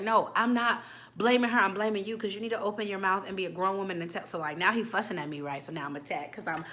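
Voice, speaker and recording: A young woman in her twenties telling a casual, animated storytime, acting out quotes with slang. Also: medium pitch. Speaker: storytime vlogger.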